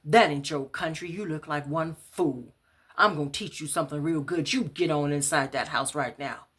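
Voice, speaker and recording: A woman voicing a loud, harsh, menacing man in her story. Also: sits low, normal speed, husky. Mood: threatening. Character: angry, threatening man.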